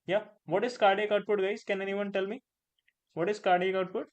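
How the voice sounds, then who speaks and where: A man with an Indian English accent teaches pharmacology in a live online lecture, speaking briskly in a high voice with a steady tone. He repeats phrases, tags lines with "right?", and slips in Hindi words.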